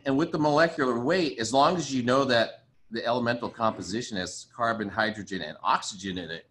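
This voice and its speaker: Male chemistry teacher, lowish voice, casual, chatty, thinks aloud. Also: sharp tone. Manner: chatty, apologetic, thinks aloud while writing. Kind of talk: casual recorded lecture.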